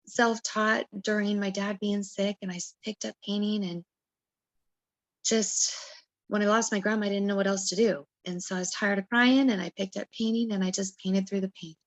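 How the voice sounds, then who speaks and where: A woman guest on a podcast, telling her personal story in an emotional, animated way and acting out her own past words. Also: medium pitch, moderate pace, dry recording.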